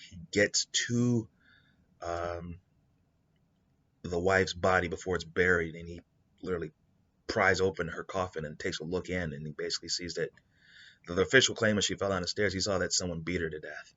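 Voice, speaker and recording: A man with a very low but bright, forceful voice tells a story pitch in a loose, rambling style. The sound is dull and lo-fi. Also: steady tone, moderate pace, husky. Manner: rambling, with many fillers and restarts. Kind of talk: casual spoken story pitch. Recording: dull lo-fi recording.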